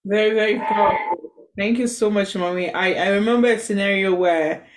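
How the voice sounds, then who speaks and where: A woman's voice: mid-range voice, normal speed. A woman hosting a live church radio talk show, affirming her guests and reading listener comments aloud. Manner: affirming, warm backchannels and reads comments aloud. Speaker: host.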